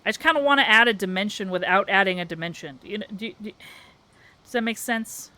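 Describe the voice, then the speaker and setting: A young woman with a Southern accent talks her way through a build on a live stream. Her voice is bright and a bit tense, at an ordinary pitch. She chats with viewers, then drops to sleepy muttering while she thinks. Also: fairly quick. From American South. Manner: chatty, giggly, thinks aloud and mutters to herself.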